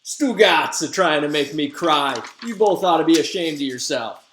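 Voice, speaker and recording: A man's voice: medium pitch, very animated, slow, a bit bright, roomy sound, a little hiss or hum. A man voicing an exasperated young woman who scolds two suitors in sassy modern talk.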